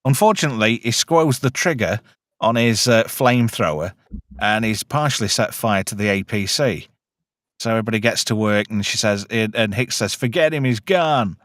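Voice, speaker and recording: A man's voice: lowish voice, moderate pace, a bit bright, no room sound, studio quality. A man hosting a casual film review, recapping scenes in a chatty, joking way.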